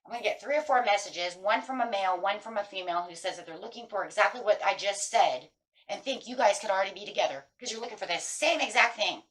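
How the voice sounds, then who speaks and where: A woman's voice: medium pitch, fast talker, fairly bright tone. A middle-aged woman giving a chatty, casual tarot reading, breaking into anxious inner voices. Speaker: tarot reader.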